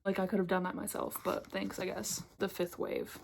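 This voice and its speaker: A woman's voice: mid-range voice, little pitch movement, moderate pace, creaky, a little hiss or hum. A young woman giving a casual, candid tour of her bookshelves, swearing freely as she talks. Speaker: book vlogger. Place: home room by her bookshelves. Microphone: camera on tripod.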